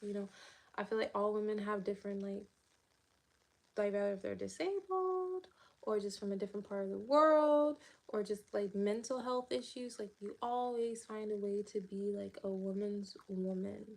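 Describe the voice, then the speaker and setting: A woman with a slightly higher-pitched voice chats through a casual livestream. She talks loosely and upbeat, full of fillers, as if speaking straight to her viewers. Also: gravelly. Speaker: livestream host.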